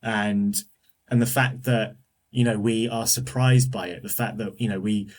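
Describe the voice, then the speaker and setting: A man's voice: on the low side, fairly even intonation, a little slow, darkish tone. A man talking as a guest on a podcast, enthusiastic and often restarting his sentences. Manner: enthusiastic, many restarts and fillers. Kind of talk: casual podcast discussion.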